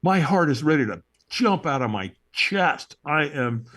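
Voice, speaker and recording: A man being interviewed on a podcast tells a story with great animation. His pitch swings widely as he acts out each moment, and he keeps checking in with his listener. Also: very animated, unhurried, fairly bright tone. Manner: checks in with tag questions like "right?". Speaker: interview guest.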